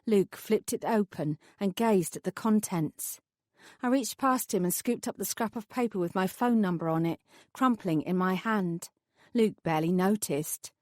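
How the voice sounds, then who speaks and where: A woman narrating a first-person audiobook in a lively storytelling manner. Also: medium pitch, normal speed, no room sound, studio quality. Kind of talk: scripted narration.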